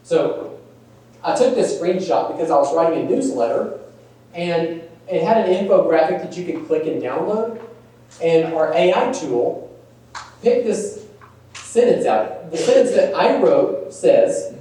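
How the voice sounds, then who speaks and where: A man's voice: sits high, animated, unhurried, mellow. A man giving a conversational workshop talk on email marketing, asking the audience questions and poking fun at stiff wording. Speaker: workshop presenter. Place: large meeting room. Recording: echoey room, distant mic, faint room noise.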